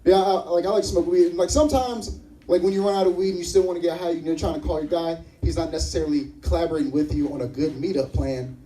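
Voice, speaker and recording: A man's voice: fairly high pitch, fast, far from the mic, a little hiss or hum, poor audio. A young man performing a stand-up comedy set, telling stories and acting out the other people in them. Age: young adult. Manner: animated storytelling with acted-out voices. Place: live comedy venue.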